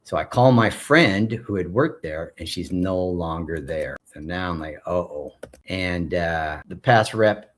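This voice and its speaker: A man's voice: low-pitched, a little slow. A man in his forties, a former school principal, recounting his experience in conversational storytelling and acting out the dialogue he describes. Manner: recounts events while acting out quoted dialogue.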